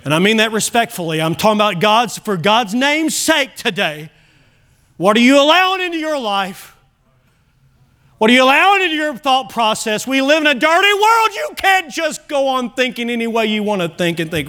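A pastor in full sermon mode, his voice sitting notably high for a man. He drives his points home with emphatic rhetorical questions to the congregation in a church sanctuary. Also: sing-song, normal speed, bright, forceful tone.

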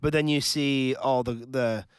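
A man co-hosting a podcast, chatting eagerly about a series in quick, animated bursts. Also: mid-range voice, smooth, no room sound. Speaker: podcast co-host. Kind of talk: casual chat.

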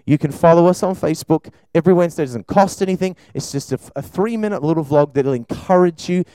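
A man's voice: fairly high pitch, fast, clean tone, dry recording, rough recording. Fervent male preacher, dry close sound. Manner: fervent, swinging from loud praying to quiet talk. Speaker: pastor. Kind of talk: sermon with prayer. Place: church service.

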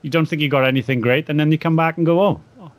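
A man's voice: fairly high pitch, steady tone, very fast, no room sound. A man chatting casually as a guest, a wedding photographer who tells stories in a rambling, restarting way. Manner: rambling, anecdotal, many restarts and laughs. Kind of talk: casual podcast chat.

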